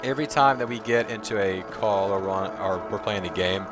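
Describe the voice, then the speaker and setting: Over music, a man with a lowish voice streams a video game at a brisk pace, giving casual gameplay commentary. He rambles to viewers, laughs easily, and fills his talk with fillers and restarts.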